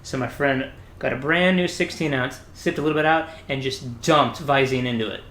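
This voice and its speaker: A man's voice: mid-range voice, moderate pace. Young man, casual crude storyteller, echoey room. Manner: animated, crude, laughing storyteller. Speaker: podcast guest. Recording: echoey room, faint background noise.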